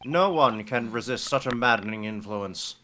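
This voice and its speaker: Male streamer voicing a stern inquisitor, bright and animated, formal courtroom diction, game music under. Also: medium pitch, moderate pace, a little hiss or hum, voice pushed down. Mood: solemn. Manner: formal, solemn courtroom speech read aloud. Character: stern male inquisitor presiding over a witch trial. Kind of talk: reading game dialogue aloud on a stream.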